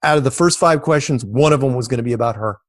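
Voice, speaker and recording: A man with a medium-pitched voice talks quickly in a clean studio recording with no room sound. As an interview guest, he tells stories casually, rambling, repeating words and animatedly acting out what others said.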